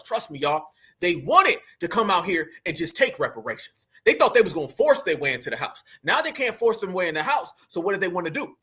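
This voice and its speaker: Fired-up, high-voiced male commentator. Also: pushed and bright, slightly rough. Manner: heated, mocking, slangy, addresses viewers as fam. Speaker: commentary channel host. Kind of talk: reaction commentary.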